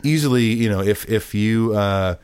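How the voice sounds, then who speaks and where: Here a man with a clean-toned voice on the low side talks at a moderate pace as a podcast co-host. It's an easygoing, casual chat, rambling and thick with fillers and restarts.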